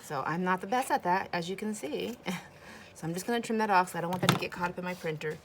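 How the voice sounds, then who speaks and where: A middle-aged woman hosts a casual crafting video, rambling and chatting with plenty of fillers while she works. She talks fast in a lowish voice against a noisy background.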